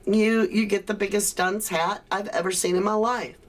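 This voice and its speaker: A woman's voice: medium pitch, fairly even intonation, moderate pace. A woman hosting a livestream, reading viewer comments and ranting sarcastically. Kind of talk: casual chat.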